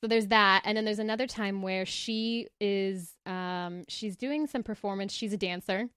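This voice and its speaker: A woman's voice: medium pitch, moderate pace, smooth, no room sound, studio quality. A woman co-hosting a casual podcast, animatedly retelling a book plot and acting out the quoted lines. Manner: animated storyteller, acts out quotes. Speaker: podcast co-host presenting a book. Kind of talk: casual chat, retelling a story.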